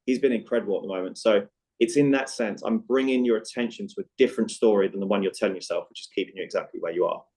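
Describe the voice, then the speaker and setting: A man's voice: fairly low pitch, racing, darkish tone, poor audio. A man on a podcast as a guest coach, telling stories animatedly, acting out dialogue and often checking in with "right?". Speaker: guest, movement coach for chronic pain. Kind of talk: conversational podcast storytelling.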